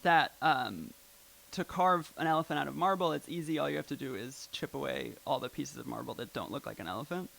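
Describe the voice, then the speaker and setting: A man's voice: medium pitch, fairly quick, gravelly, fairly bright tone, rough recording. A man giving a casual live talk at a poetry and technology evening, loose and chatty with many fillers. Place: live event venue.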